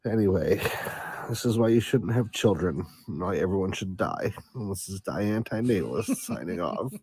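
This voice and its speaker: A man's voice: low-pitched, animated, moderate pace, darkish tone, breathy edge, no room sound, full character voice. A man voicing a gloomy bedridden woman who complains in a sighing, whiny drone. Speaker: guest doing an impression.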